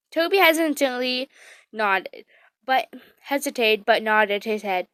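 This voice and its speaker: Slow, high-voiced woman reading fan fiction. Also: expressive, a bit bright, clean tone, no echo. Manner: emotional, gushing, halting. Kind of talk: reading a story aloud and reacting.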